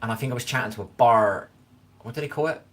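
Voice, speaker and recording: A man's voice: medium pitch, fast, a bit bright. A man with a Scottish accent chatting loosely on a live stream from his kitchen, rambling and often checking that he is understood. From Scotland. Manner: rambling, keeps asking "do you know what I mean". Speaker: livestreamer. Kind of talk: casual live-stream chat. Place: home kitchen.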